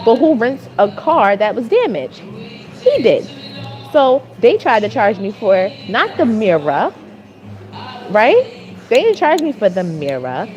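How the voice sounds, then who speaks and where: Animated, exasperated woman vlogger. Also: fairly high pitch, muffled recording. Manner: animated, exasperated, repeats phrases for emphasis. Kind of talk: storytelling vlog rant.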